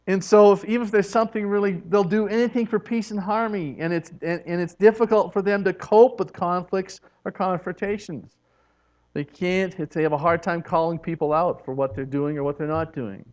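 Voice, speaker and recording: A man with a rather high voice teaches a church congregation. He slips into soft, hushed tones whenever he acts out what people say. The recording is dull and lo-fi. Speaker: preacher.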